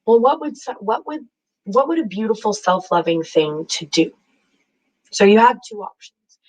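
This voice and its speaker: A woman's voice: mid-range voice, lively intonation, moderate pace, rough recording. A woman hosting a spiritual self-help channel, talking casually and repeating herself, with lots of "like" and "right?" tags. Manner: chatty and repetitive, with many "like" and "right?" tags.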